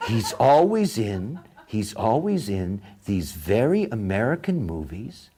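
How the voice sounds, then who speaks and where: A man giving a spoken lecture in a sardonic, mocking, animated way. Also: fairly low pitch, takes it slowly.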